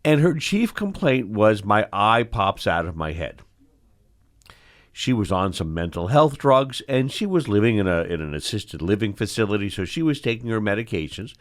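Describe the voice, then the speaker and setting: A middle-aged man, an eye doctor hosting the show, telling stories from his training in an animated, expressive way that acts out the scenes. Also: on the low side, brisk, hardly any pauses. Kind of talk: storytelling in casual conversation.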